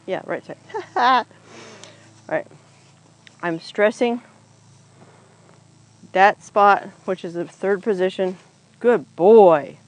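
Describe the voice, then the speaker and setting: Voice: mid-range voice, slow, pauses often, fairly bright tone, no room sound, rough recording. A horse trainer working a horse outdoors, explaining each step aloud in a casual, chatty way to a camera set up nearby. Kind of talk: casual explanatory groundwork demo. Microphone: camera set up nearby on the ground.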